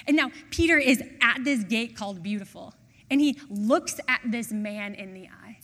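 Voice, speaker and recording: Woman preaching with lively acted-out dialogue. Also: on the high side, long reverb tail. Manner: animated storytelling, acting out quoted voices. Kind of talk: sermon. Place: church.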